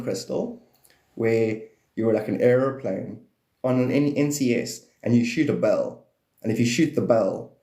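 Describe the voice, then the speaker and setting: A man's voice: mid-range voice, dark tone, reverberant. A man hosting a live stream, rambling loosely about spirituality and cats and drifting between topics. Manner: meandering, free-associating, laughs often, slips into silly voices.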